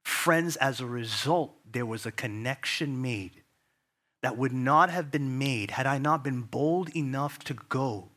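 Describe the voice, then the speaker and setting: A male pastor preaching a sermon, telling a personal story vividly and dropping to hushed tones for emphasis. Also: mid-range voice, a little slow.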